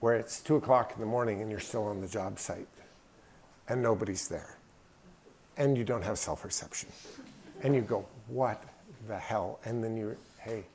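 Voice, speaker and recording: A man's voice: fairly low pitch, normal speed, long pauses, darkish tone. Brief: middle-aged man, folksy drawling storyteller, faint room hum behind. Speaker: guest speaker. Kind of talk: storytelling talk. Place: hangar.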